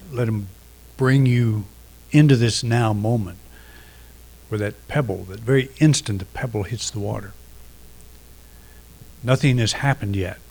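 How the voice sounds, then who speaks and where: A middle-aged man giving a reflective sermon, unhurried, pausing often and restarting phrases. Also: on the low side, a little mellow. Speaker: minister.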